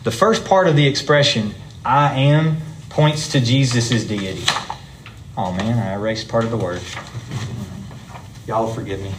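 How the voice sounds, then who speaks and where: A man's voice: mid-range voice, measured pace, pauses often, background noise. A man teaching a church Bible class, explaining things step by step in a chatty way with his students.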